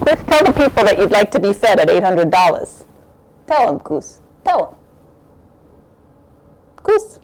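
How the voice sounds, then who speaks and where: A woman's voice: medium pitch, very animated, unhurried, pauses often, darkish tone, slight background noise. A woman hosting a charity livestream from her home kitchen, chatting casually in a rambling, giggly, self-mocking way on a lavalier mic. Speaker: charity stream host.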